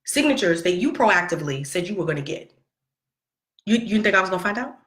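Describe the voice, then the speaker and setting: A woman's voice: medium pitch, big pitch swings, quick pace, a bit bright. Emphatic, sassy mother in an echoey room. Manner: emphatic, repetitive, sassy, talks straight to the camera. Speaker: vlogger and mother. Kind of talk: casual storytelling vlog to viewers.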